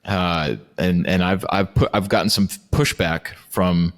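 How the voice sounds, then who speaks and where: A man's voice: low voice, fairly even intonation, a little slow. A man hosting a podcast interview, friendly and easygoing, sometimes hesitant as he talks. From born in New Hampshire, raised near Detroit, long in the South. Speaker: podcast host. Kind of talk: casual interview chat.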